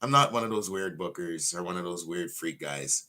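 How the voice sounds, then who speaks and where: Pro wrestler, male, blunt and foul-mouthed, bright edge to a lowish voice. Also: moderate pace. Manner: profane, blunt storytelling. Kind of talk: casual livestream rant.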